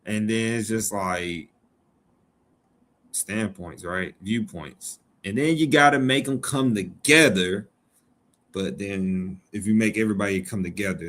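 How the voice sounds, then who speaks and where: Guy from georgia on a live stream, lowish voice, laid back and jokey, says things twice. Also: measured pace, a bit bright, slight background noise. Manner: playful, repeats phrases, reads chat aloud. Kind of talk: casual live stream commentary.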